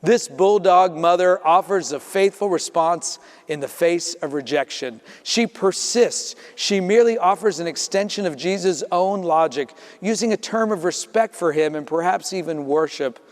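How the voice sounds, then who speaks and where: A man preaching a sermon as pastor, telling the story in a lively way and acting out the voices in it. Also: high voice, moderate pace, few pauses. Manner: storytelling, acts out voices in quotes. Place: church sanctuary. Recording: reverberant church sanctuary.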